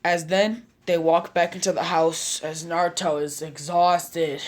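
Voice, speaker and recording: A man's voice: a little high, fairly even intonation, unhurried, few pauses. Casual man narrating a fan story. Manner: casual, rambling, with asides.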